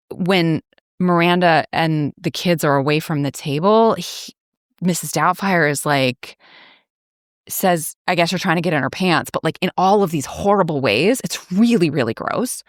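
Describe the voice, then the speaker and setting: A woman's voice: lowish voice, no echo, clean studio sound. A woman podcast host casually recapping a plot, chatty and filler-heavy, with wry asides.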